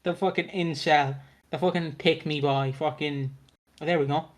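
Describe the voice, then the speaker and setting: A man's voice: fairly high pitch, steady tone, moderate pace. A man co-hosting a casual chat, recapping a soap opera, laughing often and acting out the characters' lines. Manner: chatty, laughing, swearing, acts out characters' lines.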